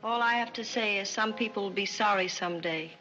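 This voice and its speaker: An actress playing a spoiled young heiress who talks in a petulant, melodramatic way, in 1930s film style. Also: female voice, fairly high pitch, fairly even intonation, fairly quick, natural voice. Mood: sulky. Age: young adult. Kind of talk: 1930s screwball film acting. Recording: muffled 1930s film soundtrack with music.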